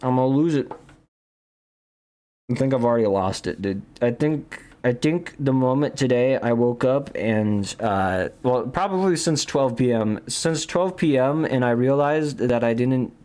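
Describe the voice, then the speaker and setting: Young guy streamer yapping while he draws, goofy, keeps saying dude, mid-pitch voice. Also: animated, unhurried, a little mellow. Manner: goofy, jokey, repeats and restarts, says dude a lot. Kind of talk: rambling casual chat while drawing.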